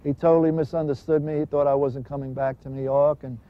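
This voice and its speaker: A man's voice: a little high, level tone, quick pace. Earnest man telling his testimony. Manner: earnest, dramatic retelling with voiced dialogue. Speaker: former gangster turned minister giving testimony. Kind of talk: personal testimony storytelling. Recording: dull lo-fi recording with faint music.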